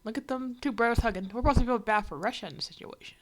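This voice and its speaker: Sarcastic young woman streamer, bit high. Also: racing. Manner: sarcastic, exasperated asides. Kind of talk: livestream reaction commentary.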